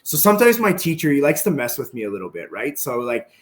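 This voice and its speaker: A man's voice: medium pitch, fast talker. A man guest on a podcast, telling stories casually and acting out the other people's lines, with a habit of tagging "right?" onto his sentences. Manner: animated, acts out quoted dialogue, frequent "right?". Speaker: podcast guest, martial arts instructor. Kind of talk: casual storytelling.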